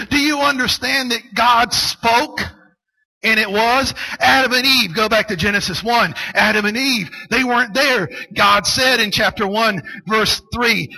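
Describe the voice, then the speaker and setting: A man preaching a sermon, going from quiet storytelling to loud, shouted preaching. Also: sits high, gravelly, poor audio. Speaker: pastor.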